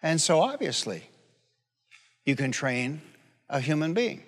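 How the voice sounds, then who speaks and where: A man's voice: fairly high pitch, sing-song, a little slow. A man in his sixties preaching a sermon as pastor, folksy and conversational, with asides and questions thrown to the congregation. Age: 60s. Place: church sanctuary. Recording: long hall reverb.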